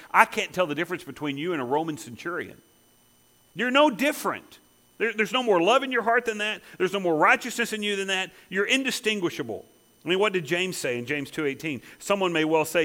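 A man preaching a sermon, emphatic, with rhetorical questions that build to loud peaks. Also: fairly high pitch, poor audio.

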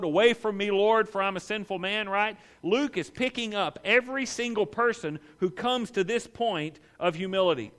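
A bright, forceful male voice preaching a sermon with vivid emphasis, often acting out the people in his passages. His words ring out with a long reverb, as in a large hall. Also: sits high. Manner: preaching with emphatic rises and dramatic quoted voices. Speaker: pastor.

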